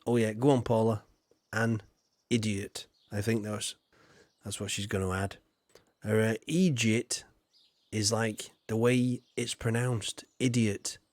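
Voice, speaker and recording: A man's voice: on the low side, little pitch movement, slow, a little mellow, dry recording. A man with a Yorkshire accent chatting casually to his live-stream viewers, rambling and swearing mildly with lots of "you know". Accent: Yorkshire English. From Yorkshire, England. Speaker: game streamer.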